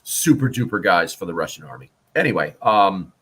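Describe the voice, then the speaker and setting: A lowish-voiced man chatting casually on a livestream, rambling and jokey. He stumbles through fillers and restarts as he reads out the chat. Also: very animated, brisk, a bit bright, slightly rough. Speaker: prepper livestream host.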